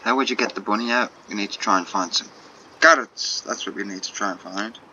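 A man casually narrating his game as he plays, muttering asides and questions. His voice is a little low yet bright and forceful. The mic sounds dull and lo-fi with a faint noise floor. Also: fairly even intonation, fast. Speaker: gaming channel host. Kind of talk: let's play commentary.

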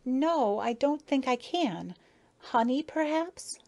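A woman's voice: high-pitched, lively intonation, takes it slowly, darkish tone, pitched above the performer's own voice, full character voice. A woman voicing wide-eyed young bee girl. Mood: alarmed curious. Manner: wide-eyed, breathless questions. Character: young curious female bee, earnest and easily shocked. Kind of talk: audiobook character reading.

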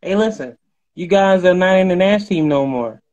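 Boastful rambling man, slightly high. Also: expressive, normal speed, a little mellow. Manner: boastful, rambling, slips into off-key singing. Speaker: live stream guest. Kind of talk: comedic bragging banter.

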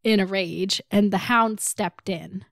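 A woman co-hosting a podcast, retelling book scenes in casual chat, laughing often and dropping into quick quotes. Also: medium pitch, vocal fry. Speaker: podcast co-host.

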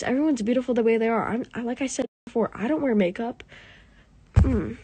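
Breathy, high-voiced woman ranting heatedly. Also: dry recording. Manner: heated, profane, swings from hushed to shouting. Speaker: vlogger. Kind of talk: impassioned rant to camera.

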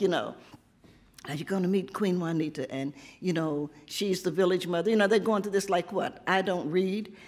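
Hoarse 70-year-old woman poet from Tennessee, reading and chatting, playful, quick to laugh. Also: on the low side. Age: 70s. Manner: playful, laughs often, breaks off and restarts her sentences. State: hoarse, has lost her voice. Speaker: poet at an author visit. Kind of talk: poetry reading and chatty talk to an audience. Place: public library event before an audience.

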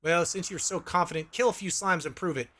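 Older survivor mentor, cautionary, bright voice, read by a man, slightly raised pitch. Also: fairly quick. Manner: reads game dialogue aloud plainly.

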